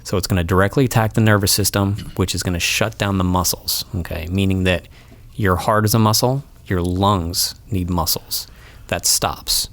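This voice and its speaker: Low-voiced man explaining patiently. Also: steady tone, moderate pace. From Florida. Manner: explanatory, patient, many ums and restarts. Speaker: guest wildlife removal expert. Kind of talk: casual studio interview. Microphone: studio mic.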